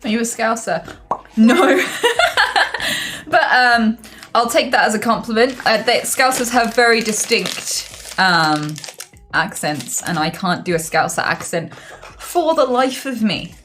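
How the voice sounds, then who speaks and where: A woman's voice: fairly high pitch, animated, unhurried, a bit bright, a little hiss or hum. Chatty, playful woman streamer. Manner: chatty, laughs often, playful. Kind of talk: casual live-stream chat.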